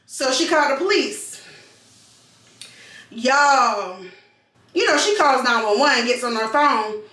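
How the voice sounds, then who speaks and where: A woman vlogger telling a storytime to her viewers in an animated way, repeating phrases for emphasis. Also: high-pitched, slow, far from the mic. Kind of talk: storytime vlog. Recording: roomy sound, mic set back.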